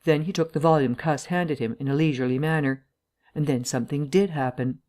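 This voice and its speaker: Low-pitched lady reading an old novel out loud, calm and measured. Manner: measured storytelling, shifts voice for each character. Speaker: audiobook narrator. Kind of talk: scripted narration.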